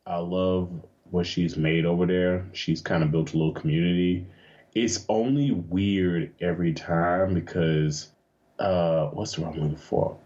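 Deep-voiced man telling animated, profane stories. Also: unhurried, lo-fi sound. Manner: animated, profane storytelling with frequent laughs. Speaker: interview guest, adult film performer. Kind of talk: casual chat.

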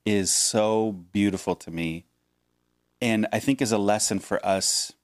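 A man co-hosting a podcast who reads Bible passages and talks them over in a measured, thoughtful way. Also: fairly low pitch, fairly even intonation, no echo, clean studio sound. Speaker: podcast co-host. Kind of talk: Bible reading and casual discussion.

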